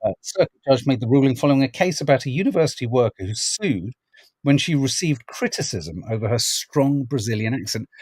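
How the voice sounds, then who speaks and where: A man's voice: mid-range voice, lively intonation, a little fast, darkish tone, slightly rough, no echo, rough recording. A man hosting a podcast, chatting wryly about news stories and reading out viewer comments. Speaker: podcast host reading the papers. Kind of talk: casual chat.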